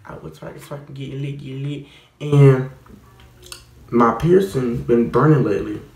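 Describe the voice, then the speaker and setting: Teen male vlogger with a gravelly voice, talking in loose, slangy rambles in an echoey room. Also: medium pitch, normal speed. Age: teens. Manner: rambling, slangy and expressive, with stutters. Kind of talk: casual chat.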